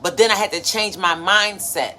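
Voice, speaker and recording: A woman's voice: mid-range voice, fairly even intonation, moderate pace, sharp tone. A woman in her thirties hosting a motivational live stream, preachy and conversational, greeting viewers by name. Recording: faint background noise.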